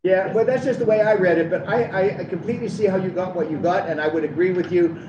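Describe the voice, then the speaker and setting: Higher-voiced guy in a meeting, easygoing and agreeable, far off in a roomy space, kinda noisy. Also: fairly even intonation, fast talker. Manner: agreeable, conciliatory. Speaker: meeting participant. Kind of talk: meeting discussion. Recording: distant mic in echoey room, dull with noise.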